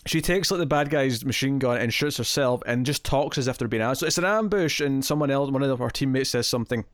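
A man's voice: medium pitch, brisk, no room sound, clean studio sound. A man co-hosting a podcast, chatting about comics in an enthusiastic, rambling way with many restarts. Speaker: podcast co-host. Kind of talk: casual comic book discussion.

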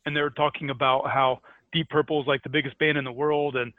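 A man's voice: mid-range voice, flat delivery, fast talker, dry recording. Scottish man on a tinny phone-like line. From Scotland. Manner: chatty storyteller with many "uh" fillers and laughs. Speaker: podcast co-host. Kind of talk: casual chat.

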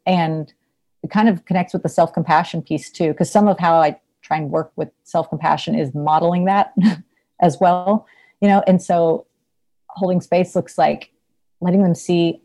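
This podcast guest is a therapist whose fairly low voice sounds mellow and at ease. In a casual interview she's talkative and quick to laugh, sprinkling in "like" and "you know" while keeping things loose and unhurried.

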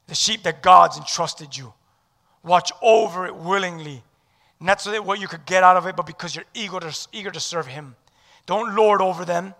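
A male preacher delivers his sermon in a high, bright, forceful voice, shifting between loud proclamations and quiet, hushed words. He is animated and speaks at a moderate pace, leading the congregation in call-and-response. A long hall reverb carries his voice.

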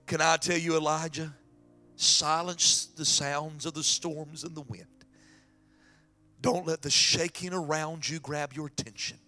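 A man preaching a sermon as pastor, dropping to whispers and rising to shouts. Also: a little high, a little slow, soft background music. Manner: dramatic swings from hushed whispers to shouting.

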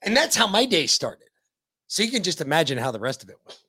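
A man's voice: on the high side, sing-song, fast talker, bright, forceful tone, husky. An American man co-hosting a podcast, telling stories in casual chat with lots of swearing and acted-out quotes. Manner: profane storyteller, acts out quotes animatedly. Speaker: podcast co-host.

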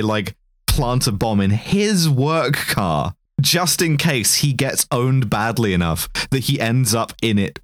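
A man's voice: lowish voice, no room sound. A man co-hosting a casual film review chat, rambling and wry with plenty of filler words. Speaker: podcast co-host.

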